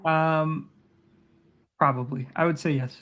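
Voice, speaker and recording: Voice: medium pitch, steady tone, slow pace, a bit bright. A tabletop game player, thoughtful and hedging, explaining a character's choices. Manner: thoughtful, hedging, speaks for a character in third person. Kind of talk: casual tabletop role-play.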